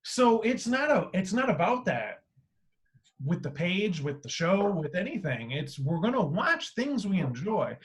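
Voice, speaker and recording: A man hosting a casual podcast, talking in an animated way with free swearing, his voice swinging between loud and quiet. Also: sits high, unhurried. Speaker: podcast host.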